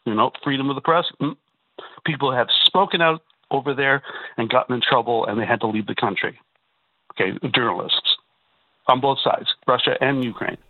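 Over a tinny phone line, a Canadian caller speaks to a radio talk show in a mid-range voice at a moderate pace with no echo. He's emphatic, leaning on repeated words and rhetorical asides, all picked up by a telephone mic.

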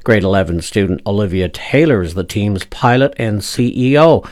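Brief: male radio newsreader with a fairly low voice, formal and measured delivery. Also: animated, a little mellow, dry recording. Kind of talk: radio news bulletin. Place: radio studio.

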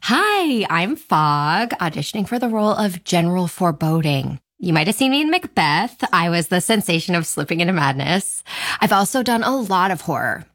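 Picture a melodramatic living fog hamming it up for a radio commercial. The voice sits fairly low but swings wildly up and down. It is recorded close and completely dry. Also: female voice, big pitch swings, moderate pace, fairly bright tone, no room sound, heavily acted. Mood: hammy. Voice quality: hammy, melodramatic. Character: Fog, a spooky theatrical fog auditioning. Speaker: ad character. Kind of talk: comic radio ad acting.

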